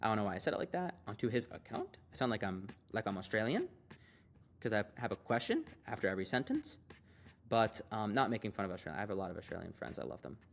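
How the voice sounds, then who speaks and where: A young man, an online business coach, runs a casual, hyped screen-share tutorial. He talks fast and loose with lots of fillers in a lowish, creaky, very animated voice.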